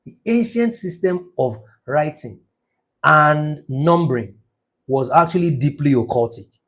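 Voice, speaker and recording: A man's voice: on the high side, animated, measured pace, a bit bright, breathy edge. A middle-aged man teaching business numerology in an impassioned lecture, stressing words by drawing them out and asking rhetorical questions.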